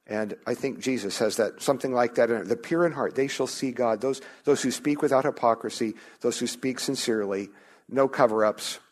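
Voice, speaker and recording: A man's voice: mid-range voice, brisk. A man preaching a sermon as a pastor, earnest, often restarting his sentences and lifting his voice on key phrases.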